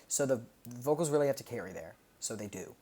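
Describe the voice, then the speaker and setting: A man at an ordinary mid pitch talks through how his own tracks were built, in a relaxed, rambling way full of "um"s and little sung sounds. Loud music from the track plays right behind his voice. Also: a little fast. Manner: relaxed, rambling explanation with many fillers and sung sound effects. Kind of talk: casual streamed track breakdown. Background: loud music playing from the track.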